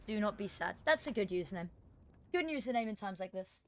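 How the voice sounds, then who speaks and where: A woman's voice: medium pitch, expressive, a little fast, fairly bright tone. A woman casting an esports match on a headset, chatting casually and telling self-deprecating stories. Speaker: esports caster. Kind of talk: casual co-caster chat.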